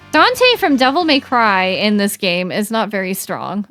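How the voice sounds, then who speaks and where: A young woman chatting casually while streaming a game, animated and giggly, with lots of "like" fillers. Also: medium pitch, slow pace, soft background music.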